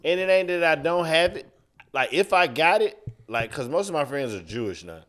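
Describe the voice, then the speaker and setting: A stand-up comedian co-hosting a podcast, talking in a laid-back, slangy and profane way. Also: male voice, on the high side, lively intonation, moderate pace, a bit bright. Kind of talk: casual podcast chat.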